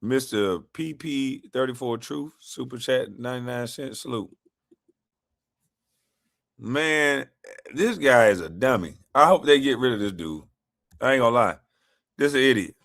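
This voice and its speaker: Animated man ranting on a live stream. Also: mid-range voice, a little slow, creaky, pauses often, no room sound, clean studio sound. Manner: loose, animated, laughing and ranting. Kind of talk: casual live-stream commentary.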